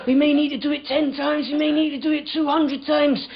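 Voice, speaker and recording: A man's voice: very high-pitched, little pitch movement, a little fast, creaky. A man doing a stand-up comedy set with a dry, sardonic delivery, acting out little dialogues on a club stage. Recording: lo-fi live club recording with crowd noise. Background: audience laughter.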